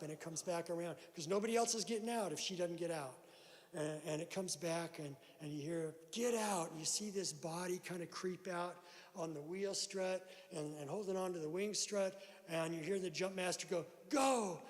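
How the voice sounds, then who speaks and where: A man telling a personal story at a recovery meeting in a church hall, acting out the voices of the people in it. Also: on the high side. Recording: long hall reverb.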